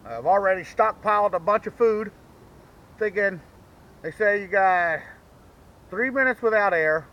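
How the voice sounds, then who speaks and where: A man hosting a vlog, rambling through a profane, self-mocking comedic monologue. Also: high voice. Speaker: vlog host. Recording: dull lo-fi recording with faint background noise.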